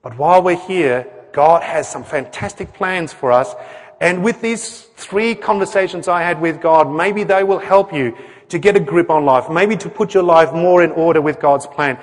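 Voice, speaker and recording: A man's voice: on the high side, moderate pace. A middle-aged man preaching a sermon, earnest and conversational, often acting out quotes and putting questions to the congregation. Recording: long hall reverb.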